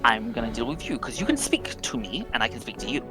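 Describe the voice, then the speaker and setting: A man voicing a fast-talking scheming raven. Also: medium pitch, big pitch swings, music in the background, voice pushed down, lightly acted. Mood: cold. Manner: clipped, impatient, fast-talking. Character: curt scheming raven messenger.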